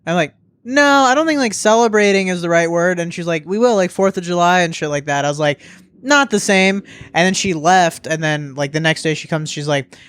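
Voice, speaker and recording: Male guest, 30s, slightly high voice, casual anecdotal delivery, dry studio sound. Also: brisk, fairly bright tone, clear, resonant tone, dry recording. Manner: laid-back storytelling, swearing, acting out quotes. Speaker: podcast guest. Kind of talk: casual chat.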